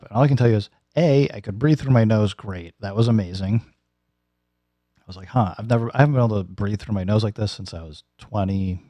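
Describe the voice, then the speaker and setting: A man with a lowish, mellow voice tells a rambling personal story with lots of fillers and restarts. He speaks close to the mic in a dry, dead room with no echo. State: recovering from nose and throat surgery. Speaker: YouTuber giving a personal update. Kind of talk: casual storytelling vlog.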